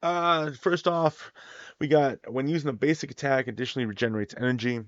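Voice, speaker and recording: A man's voice: medium pitch, fairly even intonation, fairly quick, dry recording, highs cut off. A man who is getting over a cold hosts a casual breakdown of a game character. His voice is nasal and congested, and he rambles with lots of fillers, checking in with "okay?" and "you know.". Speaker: gaming video host.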